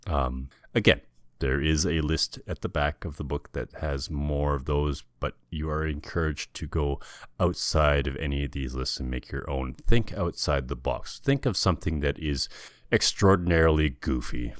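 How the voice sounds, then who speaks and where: Deep-voiced, joking male podcast co-host. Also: normal speed, no room sound, studio quality. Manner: joking, self-deprecating, often laughing. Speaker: podcast co-host explaining game rules. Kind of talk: casual podcast chat.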